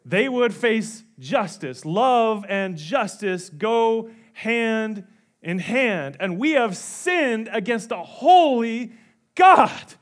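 A man in his thirties preaching a sermon as pastor in a church, swinging between hushed low passages and loud, emphatic outbursts. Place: church sanctuary.

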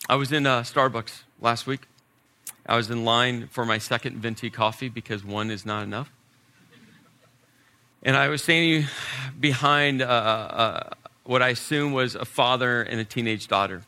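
A middle-aged man preaching a sermon as a pastor, telling stories and building to emphatic points before dropping his voice low. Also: moderate pace. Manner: storytelling preacher, rising to emphasis then dropping soft.

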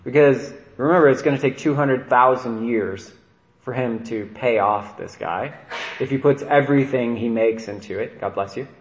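A male priest at normal speed and medium pitch gives a conversational sermon in church, checking in with "right?" often. The recording picks up the room's echo.

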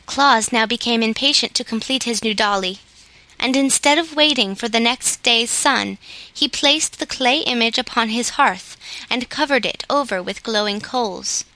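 Bright-voiced woman reading a story. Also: a little high, normal speed, no room sound. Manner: steady storytelling. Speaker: audiobook narrator. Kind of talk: scripted narration.

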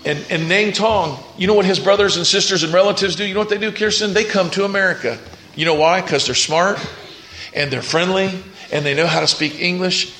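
A man's voice: sits high, fairly quick, pushed and bright, slight background noise. Earnest preaching man in an echoey church. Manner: earnest preaching, rising and falling intensity. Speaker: pastor. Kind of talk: sermon. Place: church sanctuary.

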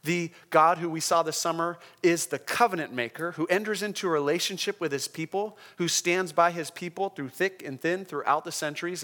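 A man's voice: fairly high pitch, bright, forceful tone. Conversational man preaching a sermon. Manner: conversational, emphatic, checks in with the congregation; slows down to stress key words. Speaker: pastor.

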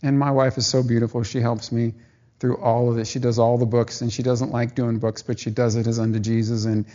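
A man's voice: mid-range voice, level tone, fairly quick, warm tone. Guy giving a preachy testimony, rambly and emphatic, muffled lo-fi sound. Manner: rambling, emphatic storytelling with restarts. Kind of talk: sermon testimony.

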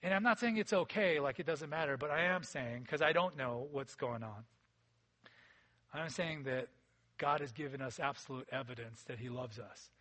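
A man preaching a sermon as a pastor, in a conversational way that swings between loud emphasis and quiet, intimate asides. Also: mid-range voice, normal speed.

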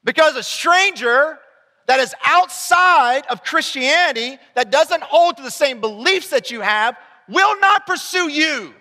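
A man preaching a sermon as pastor, animated and rising to near-shouts when excited. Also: very high-pitched, unhurried, big-room sound.

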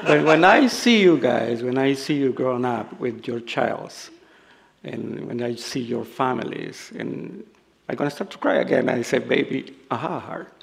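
An older man from El Salvador with a Salvadoran Spanish accent, a native Spanish speaker preaching a sermon in halting English, humorous and self-deprecating, laughing often. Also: medium pitch, gravelly. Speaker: guest preacher.

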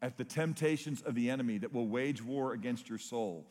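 A man's voice: mid-range voice, brisk, a little mellow, big-room sound. A man preaching a sermon, telling stories with rising emphasis. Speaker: pastor.

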